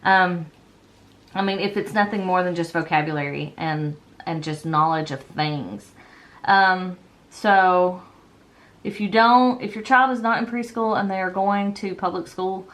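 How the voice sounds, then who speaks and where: A woman's voice: on the low side, unhurried, a bit bright. Chatty mom rambling over her planner. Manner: chatty, rambling, lots of ums and self-corrections. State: yawning, a bit tired. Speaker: planner vlogger. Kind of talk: casual chat while decorating a planner.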